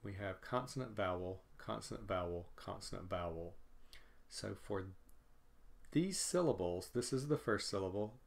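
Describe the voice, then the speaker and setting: Slow, deliberate male pronunciation teacher. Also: fairly low pitch, gravelly. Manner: slow, deliberate, repeats example words. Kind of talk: recorded lecture with slides.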